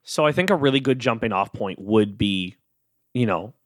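A man's voice: on the low side, animated, normal speed, dry recording, studio quality. A man hosting a solo podcast, talking casually and rambling with lots of fillers and self-amused asides. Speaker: podcast host.

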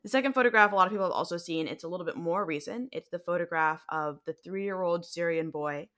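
A woman's voice: fairly low pitch, fast, a bit bright. A young American woman in her twenties co-hosting a podcast, talking in a chatty way with frequent ums and likes. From United States. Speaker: podcast co-host. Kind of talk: conversational podcast discussion.

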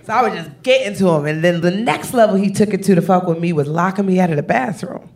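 A woman comedian telling a brash, profane, animated story on stage. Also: lowish voice, fast talker. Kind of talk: stand-up storytelling. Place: live comedy show.

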